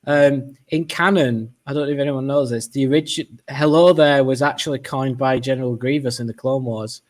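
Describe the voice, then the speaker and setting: Regular guy chatting on a podcast, middle pitch, explains things thoughtfully. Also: fairly even intonation, a little fast. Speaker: podcast co-host. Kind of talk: casual chat.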